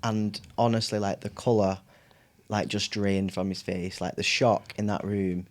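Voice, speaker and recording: A man, a podcast guest telling a story in casual chat, animated, acting out his family's voices and laughing often. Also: lowish voice, measured pace.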